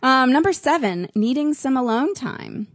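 A woman's voice: high-pitched, expressive, moderate pace, dry recording, studio quality. A woman co-hosting a podcast, reading out a list and chatting, often restarting sentences and filling gaps with "um" and "like". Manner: apologetic, restarts sentences, says "um" and "like" a lot. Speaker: podcast co-host.

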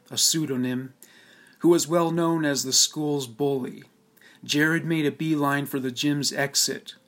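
A man's voice: a little high, fairly bright tone. Solemn male documentary narrator.

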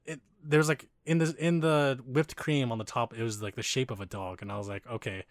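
A young man chats with a listener in a casual storytelling mode, his voice sitting at a mid pitch. He is animated, often breaks into laughter, and slips into other people's voices for quotes. The sound is close and dry, with almost no room around it. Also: fairly quick, no echo.

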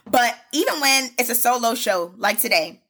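A woman's voice: on the high side, lively intonation, normal speed, a bit bright, breathy edge. A woman hosting a solo devotional podcast, preaching fervently in a repetitive cadence and calling listeners "baby" and "y'all". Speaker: podcast host.

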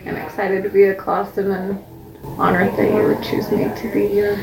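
A woman's voice: medium pitch, flat delivery, normal speed, creaky, heavy background noise. A woman, the bride, answering her groom in short, affectionate lines. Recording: echoey room with a loud crowd. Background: loud crowd chatter.

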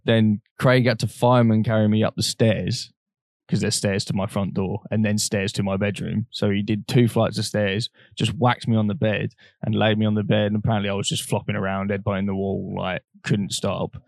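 Low-voiced young man, dry mic. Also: level tone, normal speed, gravelly, no room sound. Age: young adult. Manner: frank, swears freely, acts out quoted voices. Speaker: podcast co-host. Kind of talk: casual storytelling chat.

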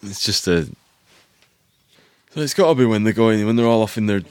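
Man, quiz player, rambling, jokey, fairly low voice. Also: fairly quick, darkish tone, clear, resonant tone, dry recording. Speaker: quiz contestant. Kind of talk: casual podcast chat.

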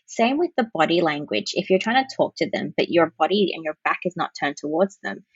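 Female counsellor guest, lower husky voice, conversational and explanatory, dull dry podcast audio. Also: animated, brisk, dry recording. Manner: explains with demonstrated soothing phrases.

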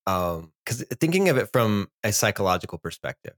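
Forties male co-host, relaxed and reflective, talks through big ideas. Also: fairly low pitch, brisk. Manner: reflective, musing on psychology and myth. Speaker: podcast co-host. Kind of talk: casual podcast chat.

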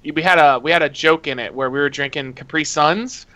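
Brash, crude young man, bright voice. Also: on the high side. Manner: brash, crude, fast rambling storytelling. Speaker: podcast co-host. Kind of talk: casual podcast chat.

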